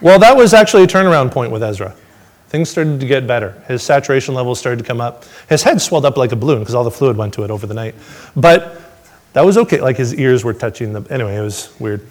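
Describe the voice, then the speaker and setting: A father shares his testimony with a congregation, his medium-pitched, fast voice shifting between excited storytelling and quiet, reflective passages.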